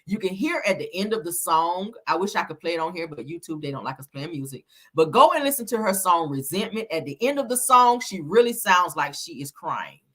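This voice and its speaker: Woman, host, casual commentary, reads lyrics aloud, slangy asides, bright forceful tone, low-ish pitch. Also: expressive, a little fast, few pauses.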